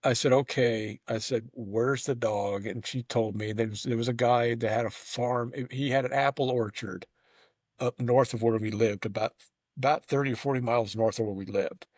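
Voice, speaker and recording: Male host, rambling conversational storyteller, stammers and restarts, mid-pitched, dry close sound. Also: fairly even intonation, moderate pace, a little mellow, no room sound. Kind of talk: casual conversation.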